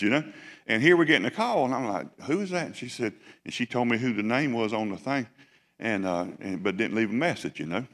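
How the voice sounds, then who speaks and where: A man's voice: medium pitch, a bit bright, big-room sound. A male pastor, telling a story in a sermon in a folksy, conversational way and joking with his congregation. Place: church sanctuary.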